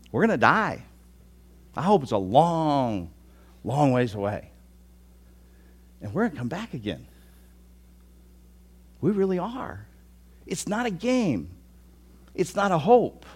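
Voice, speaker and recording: Animated preaching man, lively pitch. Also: breathy edge. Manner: animated storytelling, acts out quoted thoughts, shifts from loud to hushed. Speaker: pastor. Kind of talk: sermon.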